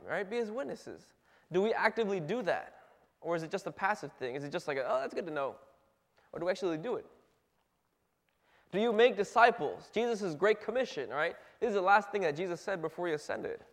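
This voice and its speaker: High-voiced man preaching in a hall. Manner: conversational, acts out little dialogues, rhetorical questions. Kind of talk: casual sermon.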